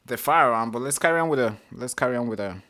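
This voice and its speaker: A man hosts a live stream, working through an article and breaking off to rant about it. His voice is bright and forward, and he swears freely, loops back over his own words, and now and then puts on mocking voices. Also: mid-range voice, fast talker. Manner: ranting, swears, repeats himself, slips into mocking voices. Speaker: political commentary host.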